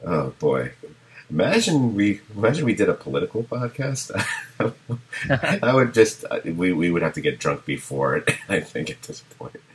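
A man's voice: sits low, big pitch swings, unhurried. A man hosting a podcast in casual chat, talking loosely with frequent laughs and restarts. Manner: chatty, laughs often, trails into restarts. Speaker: podcast host.

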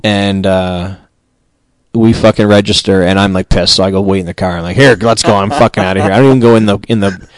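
Low-voiced guy cursing up a storm on a podcast, gets loud and worked up, dry close mic. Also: steady tone, fast talker, no room sound. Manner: swears constantly, rising into shouted outrage. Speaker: podcast host. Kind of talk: profane comedic rant. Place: small studio booth. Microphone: studio mic.

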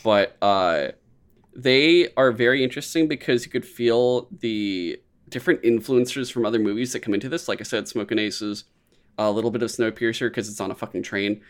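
Man, casual podcast chat, rambling, swears a lot, mid pitch. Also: moderate pace, clean tone. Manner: rambling, swears often, animated impressions. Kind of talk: casual movie review chat.

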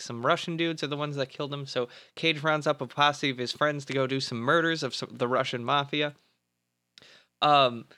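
Bright-voiced man recapping a movie. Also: fairly high pitch, no room sound, clean studio sound. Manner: laughs often, swears, summarizes the plot. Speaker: podcast co-host. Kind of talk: casual movie review chat.

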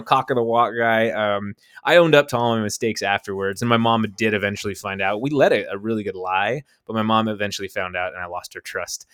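A man's voice: smooth, no echo, studio quality. A young man casually telling a story on a podcast, acting out the quotes with big jumps in his voice. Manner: animated, acts out quotes with big pitch jumps. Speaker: podcast co-host.

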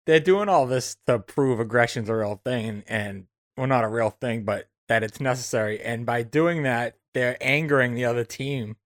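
A man co-hosting a podcast, calmly picking apart a scene in casual chat. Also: medium pitch, normal speed, hardly any pauses, no room sound, clean studio sound. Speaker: podcast co-host.

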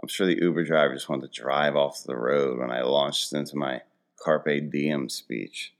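A man's voice: extremely low pitch, steady tone, moderate pace. A man in his forties hosting a casual comedic monologue, rambling and poking fun at himself. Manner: rambling, self-deprecating storytelling.

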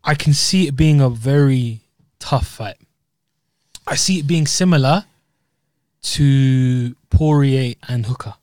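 A man's voice: medium pitch, slow, long pauses, a little mellow, dry recording. A man with a British accent co-hosting a fight podcast in casual chat, full of fillers. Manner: chatty, lots of fillers and "you know what I mean". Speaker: podcast co-host.

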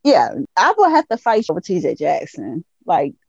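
Animated woman telling a story with laughter. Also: lowish voice, moderate pace, creaky, husky, no room sound, lo-fi sound. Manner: animated storytelling, laughs often, lively quoting. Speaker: podcast co-host. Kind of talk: casual chat. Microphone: headset.

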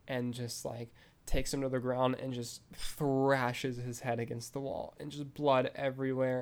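A man hosting a film review podcast, retelling a scene in a casual, rambling way full of fillers. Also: mid-range voice.

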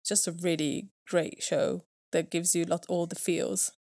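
A woman co-hosting a podcast in casual chat, enthusiastic and halting as she searches for words. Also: fairly low pitch, little pitch movement, a little mellow, no room sound, clean studio sound. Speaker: podcast co-host.

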